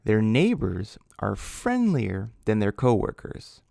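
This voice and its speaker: A gravelly, low-voiced man teaching a grammar lesson at a slow, deliberate pace. He spells words out letter by letter and explains each rule patiently. The sound is dry and close. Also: animated, a little mellow, no room sound. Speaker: English teacher.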